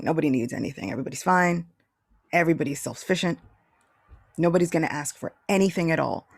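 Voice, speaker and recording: A woman co-hosting a casual spiritual podcast, telling stories in a chatty, animated way with many restarts. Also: lowish voice, creaky, no echo. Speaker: podcast co-host.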